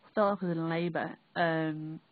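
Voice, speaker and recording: A young woman with a Northern English accent, recalling an experience in a halting, rambling, sweary way. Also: low-pitched, fairly even intonation, no echo. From England. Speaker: vlogger. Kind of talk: casual first-person recollection. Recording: dry, tinny phone-like audio.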